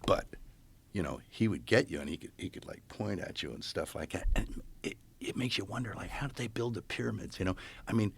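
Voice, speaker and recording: A man in casual conversation, telling an animated story and acting out the voices of the people in it. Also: lowish voice, fairly quick, vocal fry, a little hiss or hum.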